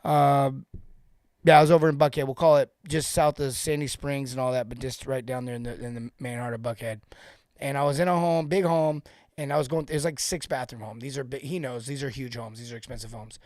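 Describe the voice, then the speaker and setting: A man coaching plumbing technicians on a live show, emphatic and animated, hammering his points home through repetition. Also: medium pitch, brisk, no echo, clean studio sound.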